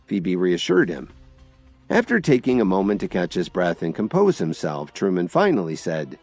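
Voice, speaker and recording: A male narrator reading an audiobook drama in a low voice. His pitch rises and falls expressively as he tells the story. Faint music plays underneath. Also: big pitch swings, moderate pace, a little mellow.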